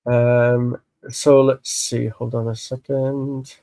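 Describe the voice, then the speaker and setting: A man with congested sinuses, slowly explaining a Bible text in a live lesson, halting and thinking aloud with many fillers. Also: medium pitch, level tone, dark tone, dry recording, low-quality recording. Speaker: Hebrew teacher.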